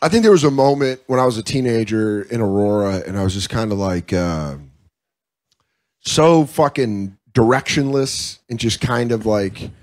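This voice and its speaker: A man in his thirties, a comedian, chatting casually and telling stories with lots of swearing and quick impressions. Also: medium pitch. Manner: profane, animated storytelling with quick impressions. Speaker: comedian guest. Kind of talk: casual interview chat. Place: comedy club stage, live.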